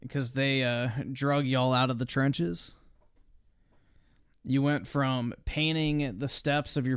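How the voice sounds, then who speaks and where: A man's voice: medium pitch, smooth, no echo, studio quality. A man hosting a livestream, reacting to chat in a crude, offhand way. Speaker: livestream host. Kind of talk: casual streamer commentary.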